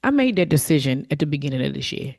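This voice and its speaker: A woman with a deep, creaky, darkish voice talks fast in a sing-song way while hosting her own podcast. It's reflective solo talk, candid and conversational, and she openly admits her emotions.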